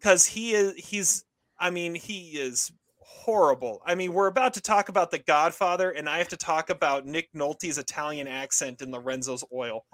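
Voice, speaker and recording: A man's voice: on the high side, normal speed, a bit bright, no echo. A man co-hosting a casual film podcast, rambling with many fillers and restarts. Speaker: podcast co-host reviewing films. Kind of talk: casual chat.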